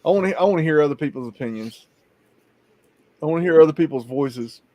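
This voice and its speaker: A man's voice: a little high, fast, warm tone, highs cut off. A man with a Southern US accent hosting a casual live chat, telling rambling stories with many restarts. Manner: rambling storyteller, frequent restarts. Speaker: show host.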